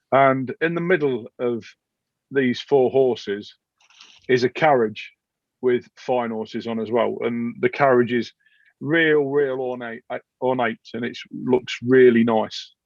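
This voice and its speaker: A man narrating as game master of a tabletop game, halting with many fillers. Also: medium pitch, dry recording. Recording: dull dry recording.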